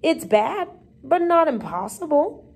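A small mouse gentleman, friendly and brisk, sure of himself and always ready to help. A woman reads him aloud from a storybook, her voice sitting a little high. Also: big pitch swings, heavily acted. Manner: friendly, brisk and self-assured.

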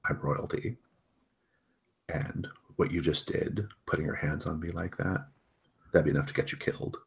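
A proud, haughty young royal who warns that touching him could get you killed, as a game master puts him on. The voice is low and hushed. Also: male voice, steady tone, normal speed, creaky, husky, full character voice. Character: arrogant young royal monster man.

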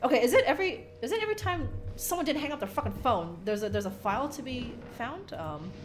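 A young woman narrates her own horror-game run in a loose, profane, joking way, breaking off to read notes aloud and mock them. Her voice sits a little high, and faint music plays underneath. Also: expressive, quick pace. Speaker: streamer playing a horror game. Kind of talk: casual gameplay commentary.

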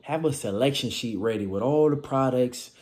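A man from California with a casual, animated vlogging manner, giving business advice and acting out little scenes. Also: medium pitch, normal speed. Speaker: vending machine business vlogger.

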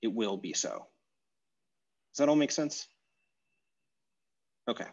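A man teaching an online language class, thinking aloud with many pauses and self-corrections. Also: medium pitch, sing-song, creaky, a little mellow, muffled recording. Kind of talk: explaining grammar in a live online class. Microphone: video call.

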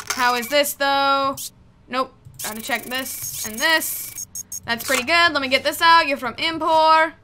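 This gaming YouTuber, a young woman, banters and jokes through her let's play, addressing the on-screen characters directly. She has a high voice, heard over a noisy background.

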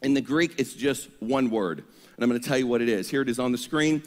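Male pastor, energetic sermon with call-and-response, mid-pitched, long hall reverb. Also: fairly quick. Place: church sanctuary.

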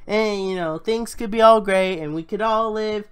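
A woman's voice: medium pitch, moderate pace, clear, resonant tone. A woman in a solo vlog, ranting about the economy in a heated, frustrated way with plenty of swearing. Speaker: vlogger. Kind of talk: solo political rant.

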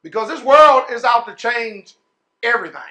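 Animated and high-voiced for a man, this pastor preaches a sermon to the congregation. His words stretch out slowly, explode into loud shouts, then settle low and quiet, and his folksy talk is full of "man" and "y'all."

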